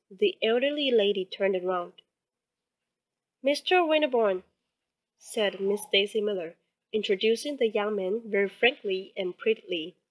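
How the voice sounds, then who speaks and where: A woman reading a classic novel aloud as narrator, in a steady, even storytelling manner. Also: medium pitch, rough recording. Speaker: audiobook narrator.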